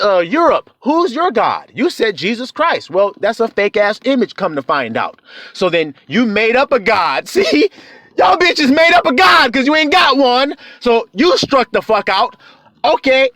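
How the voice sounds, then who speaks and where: A man with a very high voice that leaps all over its range preaches in a taunting, profane way. He fires rhetorical question after rhetorical question. The sound is close and dry, with no room around it. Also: a bit bright, no echo. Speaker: online preacher. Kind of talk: confrontational preaching rant.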